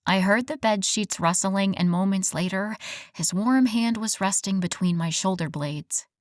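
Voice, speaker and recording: Casual: woman reading a first person romance audiobook, dry close mic, expressive. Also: medium pitch, moderate pace, no room sound. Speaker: audiobook narrator. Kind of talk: scripted first-person narration.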